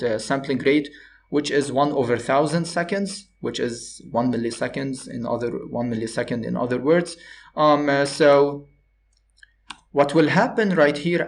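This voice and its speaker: A man at a mid-range pitch talks through a software tutorial, pausing often with filler sounds. He explains each step patiently, as if walking a student through the screen. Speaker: robotics instructor.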